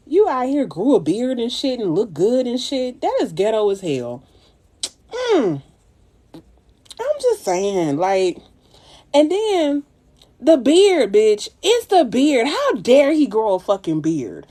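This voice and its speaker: A woman's voice: fairly high pitch, takes it slowly, long pauses. A woman, chatting casually and profanely on a phone livestream while doing her makeup. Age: 30s. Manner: animated, profane, swoops way up when exclaiming.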